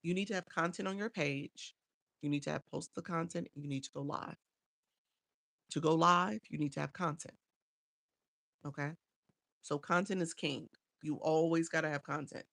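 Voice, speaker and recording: Chatty woman with a gravelly voice. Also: low voice, fairly even intonation, normal speed, long pauses, fairly bright tone, no room sound. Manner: chatty, repeats herself, answers viewers by name. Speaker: live streaming coach. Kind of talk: casual live stream Q&A. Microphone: phone.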